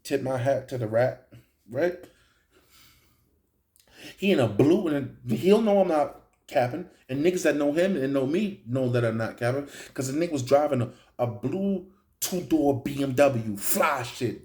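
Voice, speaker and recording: A young man telling a story in a casual, animated way, full of slang and profanity, often checking in with "right?". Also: medium pitch, measured pace. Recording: roomy echo.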